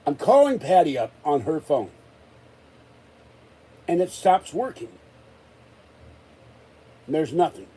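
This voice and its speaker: A man's voice: fairly high pitch, very animated, slow pace, long pauses, dark tone, husky, poor audio. A man ranting in a rambling, exasperated way during a casual live-stream chat, still recovering from an illness. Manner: exasperated, rambling rant with many restarts. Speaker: vlogger.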